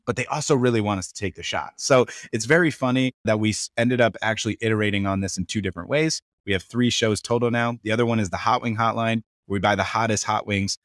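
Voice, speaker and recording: A man guest from Florida on a podcast interview, telling a story in an upbeat, animated way. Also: on the low side, quick pace, few pauses, no room sound, studio quality. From Tampa Bay, Florida. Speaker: guest entrepreneur.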